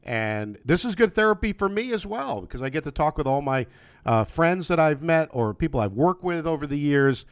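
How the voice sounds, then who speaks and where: Smooth-voiced man hosting a podcast chat. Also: on the high side, sing-song, moderate pace, no echo, studio quality. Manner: rambling, friendly, many fillers and restarts. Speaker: podcast host. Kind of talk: casual interview. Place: home, remote video call.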